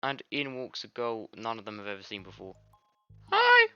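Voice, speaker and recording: A man's voice: lowish voice, fairly quick, pushed and bright, clean tone, dry recording, dull audio, faint music behind. Casual man narrating a game. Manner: casual, fumbling, self-mocking. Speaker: gamer reading a visual novel aloud. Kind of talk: let's play narration.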